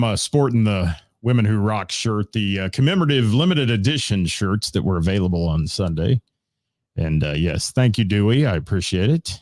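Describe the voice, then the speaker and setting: A man's voice: on the low side, a little mellow, dry recording, clean studio sound. A middle-aged man hosting a live-streamed radio show, rambling casually with lots of fillers as he greets viewers by name. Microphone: studio mic.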